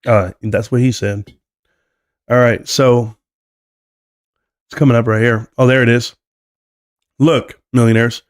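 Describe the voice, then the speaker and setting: A man hosting a casual live stream while sick, rambling between coughs and throat-clearing. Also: medium pitch, steady tone, measured pace, long pauses, dry recording, studio quality.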